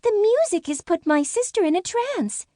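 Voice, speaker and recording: A woman's voice: very high voice, very animated, normal speed, mellow, no echo, clean studio sound, pitched above the performer's own voice. A woman doing a piping, frantic fairy girl. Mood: alarmed. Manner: breathless and urgent. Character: frightened high-voiced female fairy.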